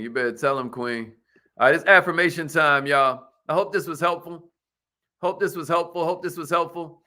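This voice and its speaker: A man hosting a live sales coaching class, chanting catchphrases over and over, calling out viewers by name and leading them in affirmations. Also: medium pitch. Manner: energetic, repetitive, calls out viewers by name and leads affirmations.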